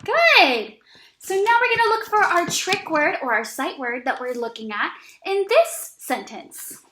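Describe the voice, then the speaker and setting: A woman teaching an early reading lesson to young children, speaking slowly and encouragingly with plenty of praise. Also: very high-pitched, very animated, a bit bright, echoey room, slight background noise. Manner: slow, exaggerated, encouraging teacher talk with praise.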